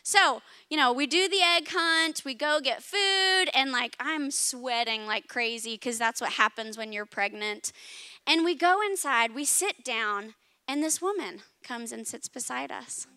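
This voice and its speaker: High bright-voiced woman preaching. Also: measured pace, clear, resonant tone, no echo, studio quality. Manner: storytelling, rising to impassioned emphasis. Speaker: pastor. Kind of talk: sermon.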